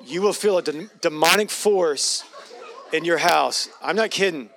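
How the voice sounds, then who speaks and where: A man's voice: a little high, unhurried, gravelly, a bit bright, slight background noise. A man preaching a sermon in a folksy, joking way with playful asides. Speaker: pastor.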